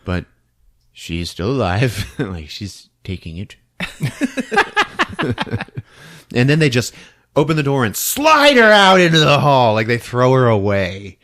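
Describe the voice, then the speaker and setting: Medium-pitched and slow, with long pauses, this man hosts a podcast where he retells a film's story in a relaxed way. There's plenty of laughter, and he performs bits of the scenes as he goes.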